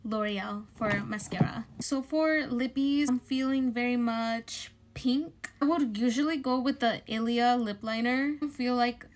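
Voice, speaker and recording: A bubbly young woman walks through her everyday makeup in a relaxed, chatty way, her voice sitting a little high. She fills her talk with easy fillers and keeps it light and personal, like talking to friends. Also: measured pace, few pauses, slight background noise. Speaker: beauty vlogger. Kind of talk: casual makeup tutorial chat.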